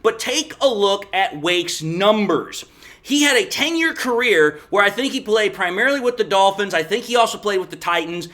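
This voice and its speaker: A man's voice: sits high, expressive, normal speed, pushed and bright. A man hosting a solo sports podcast, talking emphatically and building up his points as he goes.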